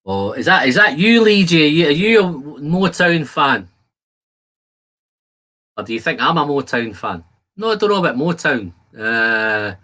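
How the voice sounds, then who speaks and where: This man's medium-pitched voice is bright and forceful as he chats casually through a whisky tasting streamed live from his home shed. He trades banter with viewers and reads their comments aloud, keeping things jokey.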